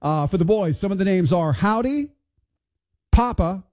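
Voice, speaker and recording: Bemused radio morning host, mellow voice. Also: male voice, sits high, expressive, moderate pace. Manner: bemused, wondering aloud, conversational. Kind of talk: casual radio chat. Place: radio studio.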